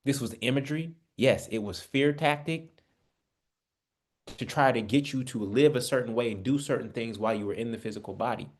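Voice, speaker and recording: A man's voice: mid-range voice, brisk. A man teaching a Bible study. He talks in a conversational preaching style, calls his listeners family and asks them rhetorical questions. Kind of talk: spiritual teaching. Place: online Bible study session.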